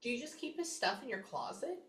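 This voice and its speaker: A woman from Houston giving a psychic reading, chatty and animated, often pausing mid-thought to listen. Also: a little high, slight background noise. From Houston, Texas. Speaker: psychic medium. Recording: roomy, distant mic.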